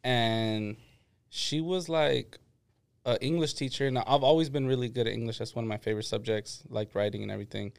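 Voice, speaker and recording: A young man with a smooth, resonant voice chats casually on a podcast. He rambles through his school memories, packing his sentences with fillers. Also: medium pitch, brisk. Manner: rambling, heavy use of "like". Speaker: podcast co-host. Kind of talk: casual chat.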